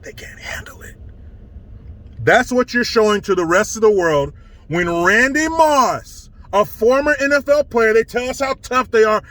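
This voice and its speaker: A man's voice: sits high, moderate pace, a bit bright. A man giving a profane, sarcastic rant as an online commentator, mocking as he goes. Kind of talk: ranting commentary.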